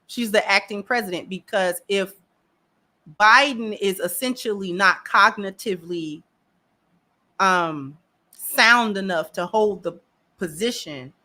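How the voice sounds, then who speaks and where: Bright-voiced sassy woman commentator. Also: mid-range voice. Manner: sassy, emphatic, acts out quotes. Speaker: political commentator. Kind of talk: casual commentary vlog.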